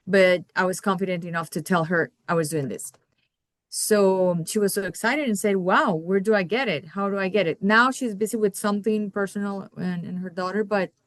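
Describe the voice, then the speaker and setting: A woman's voice: on the low side, fairly bright tone, no room sound. A woman from Colombia on a team call, asking for advice in a hesitant way with many fillers. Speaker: team member asking a question.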